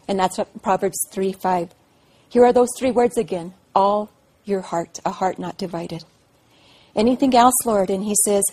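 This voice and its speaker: A pastor's wife giving an earnest devotional talk to a group of women, rising to fervent emphasis. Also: female voice, mid-range voice, fairly even intonation, normal speed, a little mellow.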